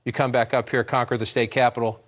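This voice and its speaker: Fast-talking man breaking down vote counts. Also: mid-range voice, little pitch movement. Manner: brisk, explanatory, thinks aloud with restarts. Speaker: election analyst at a touchscreen map. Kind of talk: live election-night analysis. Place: TV news studio.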